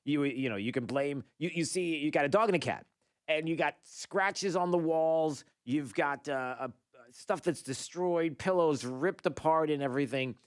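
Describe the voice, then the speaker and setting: A man hosting a talk radio show, rambling and animated, with many fillers and restarts. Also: a little high, normal speed, dry recording, studio quality.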